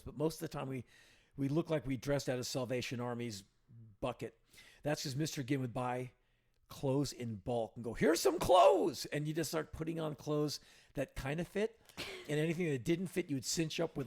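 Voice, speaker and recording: A middle-aged man co-hosting a podcast, with a gravelly, mid-range voice. He tells stories casually and turns animated whenever he quotes someone. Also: mid-range voice. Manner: anecdotal, animated when quoting others. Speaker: podcast co-host. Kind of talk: casual storytelling.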